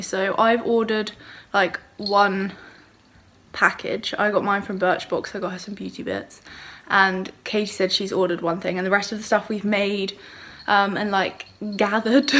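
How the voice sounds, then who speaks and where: A young woman with a mid-range, fairly bright voice chats to the camera from her bedroom, bubbly and gushing. It's a casual vlog, recorded at home with a roomy sound and faint noise.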